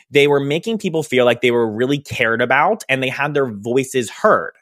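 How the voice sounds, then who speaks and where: A young man hosts his podcast and tells a travel story in a chatty, animated way, full of fillers and asides. His voice sits at an ordinary middle pitch. The close mic sounds dry, with no room echo. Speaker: podcast host, hairstylist business educator.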